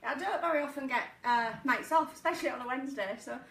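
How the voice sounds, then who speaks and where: A woman's voice: high-pitched, quick pace, a bit bright. A woman hosting a casual live stream from her living room, chatty and giggly as she tells stories. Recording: echoey room, mic at a distance, faint noise.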